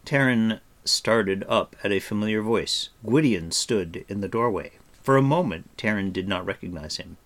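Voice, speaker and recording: A man narrating a storybook with an expressive reading. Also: fairly low pitch, normal speed, few pauses.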